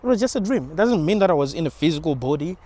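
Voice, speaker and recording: A young man with a fairly high voice talks loosely and informally, restarting his sentences and dropping in slang. He muses aloud in an unscripted monologue. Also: lively intonation, rapid-fire, dark tone. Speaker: channel host. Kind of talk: casual spiritual monologue.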